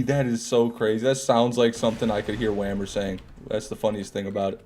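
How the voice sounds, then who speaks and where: A man's voice: on the low side, level tone, brisk, hardly any pauses, darkish tone, a little hiss or hum. A man streaming a game and chatting casually with his viewers, joking and sarcastic as he reads their messages. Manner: joking, sarcastic banter with chat. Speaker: streamer reading chat. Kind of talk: casual live-stream commentary.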